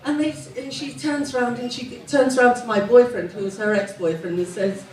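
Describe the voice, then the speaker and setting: A woman's voice: fairly high pitch, fairly quick, hardly any pauses, a little mellow, echoey room, far from the mic, rough recording. A posh-sounding woman from England performing a self-mocking stand-up comedy set, telling stories built around punchlines. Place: live comedy venue with audience.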